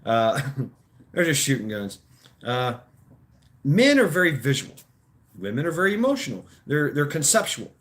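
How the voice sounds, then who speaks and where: A man's voice: medium pitch, very animated, normal speed, long pauses, fairly bright tone. A man hosting a casual livestream, rambling through opinions with stammered restarts and crude swearing while reacting to his chat. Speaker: livestream host.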